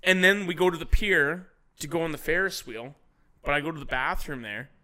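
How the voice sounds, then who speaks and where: A man in his thirties tells stories on a podcast with an animated, laughing manner. His voice sits a little high and sounds very bright and forward. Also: a little fast. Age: 30s. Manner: animated, swearing, laughing while telling stories. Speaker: podcast host. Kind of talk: casual storytelling chat.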